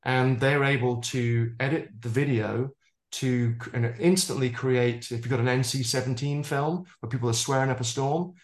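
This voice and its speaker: A man's voice: mid-range voice, steady tone, normal speed. A man talking as a futurist guest in a casual interview, piling up examples and joking about how he says words. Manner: expansive, piles up examples, jokes about his own pronunciation. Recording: roomy echo.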